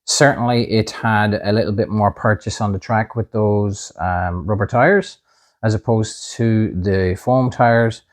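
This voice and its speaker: A man hosting a casual slot car review, upbeat and pausing often with "um" and "uh". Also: lowish voice, steady tone. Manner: upbeat, many "um" and "uh" fillers.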